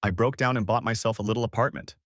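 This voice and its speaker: A man's voice: lowish voice, fast talker, fairly bright tone, no echo, clean studio sound. A man voicing a scheming middle-aged ex-wife who coaxes with a put-on sweetness. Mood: coaxing. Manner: coaxing, wheedling.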